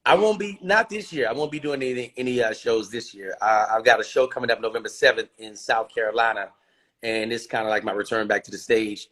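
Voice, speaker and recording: A man's voice: mid-range voice, fairly quick, a bit bright. A man, a comedian guest on a live-stream talk show, chatting casually in a playful, teasing way. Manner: playful, joking, teasing the audience. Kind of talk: casual interview chat.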